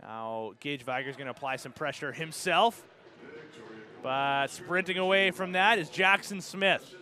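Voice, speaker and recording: Bright-voiced Canadian lacrosse play-by-play man. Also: fairly high pitch. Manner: brisk, rises sharply on goals and saves. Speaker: play-by-play commentator. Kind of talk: live lacrosse play-by-play commentary.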